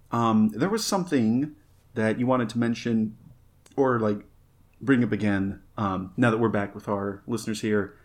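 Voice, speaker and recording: Laughing, rambling man with a low voice. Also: moderate pace, darkish tone. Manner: rambling, laughs often, quotes film lines. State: slightly tipsy from a drink. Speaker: podcast co-host. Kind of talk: casual movie-watching chat.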